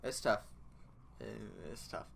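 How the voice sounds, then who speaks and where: A man's voice: slow, crowd noise. A young man co-hosting a podcast in a laid-back, casual way, often trailing off. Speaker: podcast co-host. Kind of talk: casual chat.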